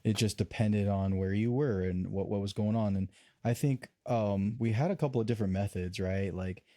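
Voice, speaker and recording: A man's voice: on the low side, moderate pace, dark tone, slight background noise. A man hosting a podcast, chatting casually with guests in a loose, rambling way with many fillers. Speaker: podcast host. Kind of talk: casual group chat.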